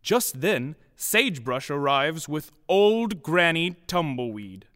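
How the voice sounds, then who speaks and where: A man narrates a playful western tale in a sing-song storybook manner. His voice is high and bright, and he takes his time. A long hall reverb hangs on every word. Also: very animated, slow.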